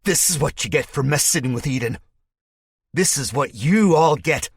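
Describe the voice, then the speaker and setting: A man voicing an unhinged male captor who shouts in manic glee, his voice pushed far above his own. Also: fairly high pitch, lively intonation, moderate pace, breathy edge, dry recording, pitched above the performer's own voice. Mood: gloating.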